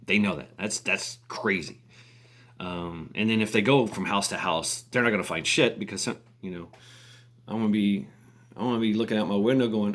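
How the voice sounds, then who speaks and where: A man's voice: on the low side, moderate pace, fairly bright tone. A man ranting casually on camera, rambling with fillers, restarts and laughter. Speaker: vlogger. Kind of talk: casual rant.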